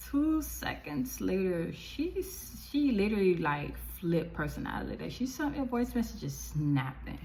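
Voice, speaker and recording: A young woman telling a personal story to camera in a chatty, animated way, full of fillers. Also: medium pitch, rough recording. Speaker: vlogger. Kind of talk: casual storytime.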